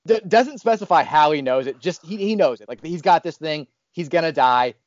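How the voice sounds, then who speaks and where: A man in his thirties telling a story in a casual, animated way, with many restarts and fillers. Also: a little high, a little fast, highs cut off.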